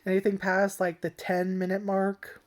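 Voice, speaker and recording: A woman's voice: mid-range voice, completely flat delivery, normal speed. A young woman giving an unscripted, casual anime review, rambling and giggly and swearing freely.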